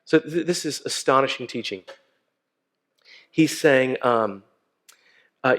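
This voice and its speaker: A man's voice: medium pitch, slow pace, pauses often, fairly bright tone. A man preaching a sermon in a conversational way, with frequent fillers and restarts. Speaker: pastor.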